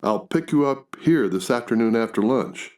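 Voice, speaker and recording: A man's voice: medium pitch, animated, normal speed, a little mellow, pitched above the performer's own voice, close to an everyday voice. A man reading a storybook, voicing a young man who is charming but can sneer and tease. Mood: coaxing. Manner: teasing, sneering at times. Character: young man, charming yet sharp-tongued.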